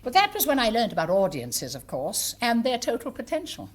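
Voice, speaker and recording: A woman's voice: fairly high pitch, huge pitch swings, brisk. Older woman entertainer telling stage anecdotes. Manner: chatty and amused, with small hesitations. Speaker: stage entertainer and monologue writer. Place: live theatre before an audience.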